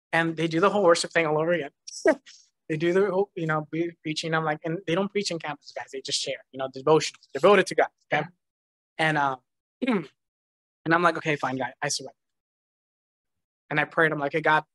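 A man's voice: fairly high pitch, no echo. A man giving a personal testimony at church, telling his story with animation and frequent laughter. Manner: animated storytelling, laughs often, acts out voices in quotes.

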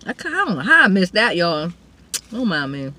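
A woman's voice: fairly low pitch, big pitch swings, normal speed, sharp tone. A woman hosting a casual eating show, chatting with her viewers between mouthfuls and calling them y'all. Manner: eats and chews between remarks. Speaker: mukbang vlogger.

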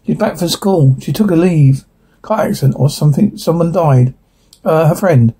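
A man's voice: fairly high pitch, moderate pace, dark tone, husky. A man reading the part of an anxious middle-aged mother who pleads urgently with a priest. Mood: pleading.

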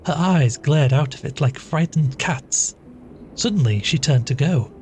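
A man reading a classic short story aloud as a podcast narrator, measured and even. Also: on the high side, slight background noise. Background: faint music.

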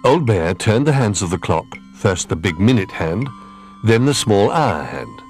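A man reading a children's storybook aloud as narrator, gentle and unhurried. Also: fairly low pitch, sing-song, soft background music.

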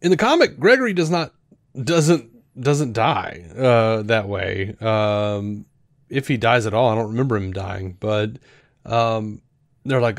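A man co-hosting a podcast, talking through a show review in a rambling, animated way with lots of fillers and restarts. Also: on the low side, unhurried, no echo, clean studio sound. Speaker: podcast co-host. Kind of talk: casual review chat.

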